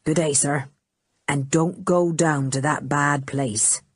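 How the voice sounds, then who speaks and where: A woman voicing an old male shepherd who gives slow, rustic warnings in a storybook reading. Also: deep voice, steady tone, husky, no echo, clean studio sound, heavily acted. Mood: ominous.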